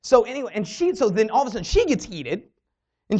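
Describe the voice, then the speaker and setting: A woman's voice: a little high, fast talker. A woman trainer telling a motivational story and acting out the quoted dialogue. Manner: animated, acts out quoted dialogue. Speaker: network marketing trainer. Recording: dull lo-fi audio.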